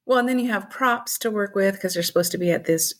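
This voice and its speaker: A woman's voice: mid-range voice, fast talker, fairly bright tone. A woman co-hosting a podcast, leading the discussion in a casual, agreeable way. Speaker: podcast co-host. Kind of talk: casual chat.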